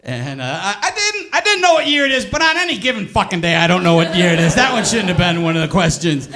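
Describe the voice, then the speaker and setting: A middle-aged stand-up comedian telling a story live, dropping to low mumbles and then breaking into high strained yelps. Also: male voice, sing-song, quick pace. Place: comedy club stage. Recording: live club recording with crowd noise. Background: audience laughter.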